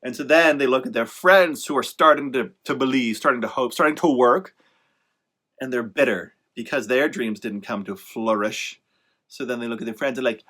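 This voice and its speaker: A man's voice: mid-range voice, normal speed, sharp tone. A man giving casual motivational advice to writers, rambling and correcting himself as he goes, emphatic and encouraging with sarcastic asides. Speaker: author giving writing advice.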